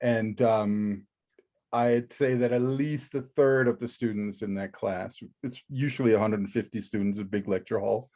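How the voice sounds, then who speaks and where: A man's voice: fairly low pitch, steady tone, normal speed, dark tone. A middle-aged man, a professor co-hosting a podcast, talking casually with many ums and small chuckles. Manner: hesitant, many ums, chuckles between thoughts.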